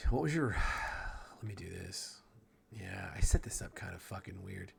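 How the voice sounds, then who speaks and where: A man's voice: sits low, lively intonation, moderate pace, vocal fry. A man narrating a tabletop game as game master, rambling casually, swearing and trailing off mid-sentence.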